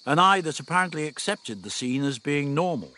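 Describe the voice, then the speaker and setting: A man's voice: on the high side, lively intonation, brisk, sharp tone, a little hiss or hum. A man reading a story aloud as an audiobook narrator. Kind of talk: scripted narration.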